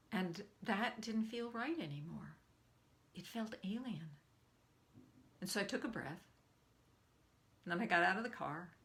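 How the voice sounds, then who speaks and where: Older woman coach, bright tone, lower pitch, lively storytelling. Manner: warm storyteller, acts out quotes with big pitch jumps. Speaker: speaking coach. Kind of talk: live online training Q&A with storytelling.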